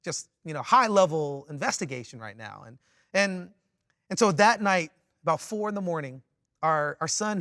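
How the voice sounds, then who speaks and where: A man's voice: a little high, no echo, clean studio sound. A man preaching a sermon, telling stories with wry humor and starting his points with "see.". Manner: animated storytelling, opens points with "see"; wry, self-mocking humor. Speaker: pastor.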